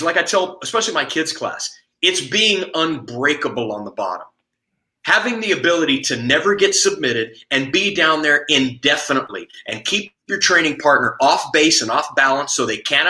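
A man's voice: mid-range voice, bright, forceful tone, roomy sound, low-quality recording. A man and jiu-jitsu coach telling stories in casual chat, blunt and profane, with frequent stammered restarts. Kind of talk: storytelling in casual podcast chat.

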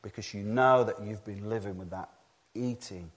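Man preaching with dramatic swings in volume. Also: moderate pace. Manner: dramatic, swinging from hushed low passages to loud emphatic peaks; repeats key phrases for emphasis. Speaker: pastor. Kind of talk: sermon. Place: church.

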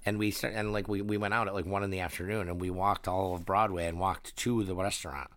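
A man's voice: low voice, level tone, fast, fairly bright tone. A man chatting casually, telling a trip story with frequent laughs and swearing. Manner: laughing storyteller, swears freely, acts out quotes. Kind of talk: casual chat.

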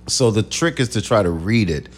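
Lower-pitched man telling stories with a laugh. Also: animated, moderate pace, husky. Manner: laughs often, reflective, repeats words. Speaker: record executive and producer guest. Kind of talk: relaxed interview storytelling.

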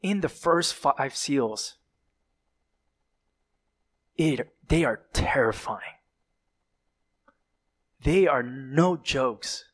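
A man's voice: medium pitch, animated, drawn-out words, long pauses. A man preaching a sermon, building dramatic emphasis and sometimes dropping to a whisper, with occasional fillers and self-corrections.

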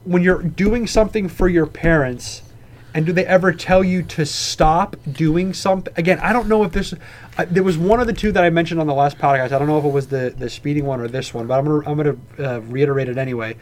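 A man talks on a casual podcast, his voice sitting a little high for a man. He rambles, trips over his own words and restarts, and swears freely. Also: quick pace. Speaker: podcast co-host.

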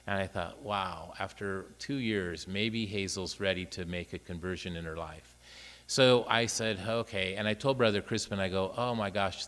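A man's voice: on the low side, long reverb tail. A man in his late fifties, a priest, telling a personal story in a homily and acting out the voices of the people in it. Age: 50s. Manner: lively storyteller acting out both sides of dialogue.

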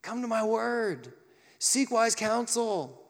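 A man voicing God as a calm, fatherly spirit who coaxes gently in a soft, raised voice, recorded in an echoey hall. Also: extremely high pitch, slow pace, creaky, voice pushed up, heavily acted. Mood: gentle coaxing.

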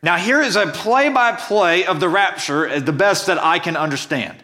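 A man's voice: high voice, lively intonation, moderate pace, sharp tone. A man preaching a sermon as pastor, reading scripture and explaining it earnestly and emphatically.

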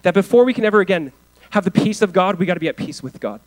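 A pastor delivering a sermon, moving from hushed, earnest lines to loud emphatic ones, with casual asides and fillers. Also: male voice, high-pitched, lively intonation, fast, low-quality recording.

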